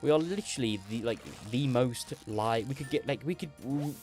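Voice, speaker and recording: A man chats casually while he hosts a gaming livestream. His voice sits at a middle pitch. He rambles, laughs often and restarts his sentences. Soft music plays quietly underneath. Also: moderate pace.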